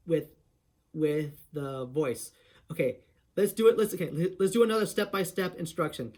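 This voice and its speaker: A man's voice: a little high, darkish tone. Rambling eager man teaching impressions. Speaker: host of an impression tutorial. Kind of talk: casual tutorial talk.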